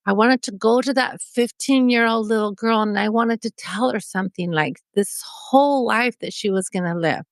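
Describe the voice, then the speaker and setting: Podcast guest, woman in her forties, higher voice, dry close sound, vivid storyteller who plays out conversations. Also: normal speed, vocal fry, few pauses, no room sound. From Mexico. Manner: vivid, acts out remembered dialogue. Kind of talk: emotional personal storytelling.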